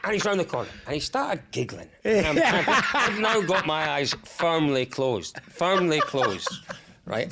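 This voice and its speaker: A male podcast guest tells stories with big swings in pitch and a gravelly edge. He talks in a vivid, excitable way and swears freely. His tone is casual and conversational. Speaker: podcast guest, rally commentator. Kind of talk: animated storytelling in casual chat.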